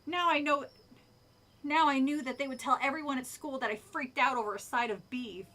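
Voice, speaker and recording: A woman reading a spooky kids' book aloud on a live stream, stopping often to chat and comment. Her voice is bright and sits a little high. The reading is casual and animated. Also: normal speed.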